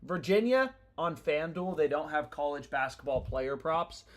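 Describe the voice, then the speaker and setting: Slangy, rambling young man, somewhat high voice. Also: lively intonation, unhurried. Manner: slangy, profane, rambling and restless. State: annoyed. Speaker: sports betting streamer. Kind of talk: casual live stream chat.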